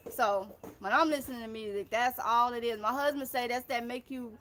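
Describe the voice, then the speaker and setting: A woman's voice: on the high side, brisk, a bit bright, a little hiss or hum. A woman in her thirties with a Mississippi Southern accent, chatting casually on a gardening livestream and reading viewer comments aloud, effusive and calling her viewers y'all. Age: 30s.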